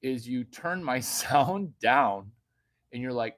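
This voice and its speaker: A man delivers a stand-up monologue at an unhurried, drawn-out pace. He is brash and switches between hushed asides and sudden loud outbursts. His voice sits at an ordinary mid pitch. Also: lively intonation. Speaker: comedian.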